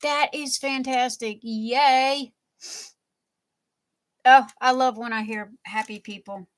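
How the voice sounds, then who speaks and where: A woman's voice: high voice, fairly even intonation, slow. A woman hosting a live crafting stream from home, chatting playfully with viewers and laughing often. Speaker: livestream crafting host. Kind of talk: casual live chat reading viewer comments.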